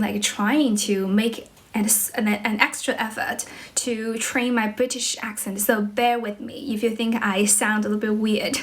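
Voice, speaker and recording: Young Chinese woman, English teacher on a live stream, light higher voice, loose and chatty. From China. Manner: answers viewer questions, switching between English and Chinese. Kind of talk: livestream chat.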